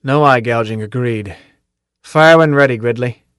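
In a clean studio recording with no room sound, a man with a medium-pitched, smooth voice speaks at a measured pace. He lightly acts the part of a tough, cocky male drill sergeant in an audiobook, barking and taunting commands at his recruits. The mood is sardonic.

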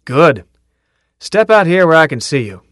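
A man's voice: mid-range voice, unhurried, clean tone, no room sound, studio quality, lightly acted. A man voicing a tough, cocky male drill sergeant who barks and taunts his recruits in an audiobook. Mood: taunting. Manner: barking, taunting commands.

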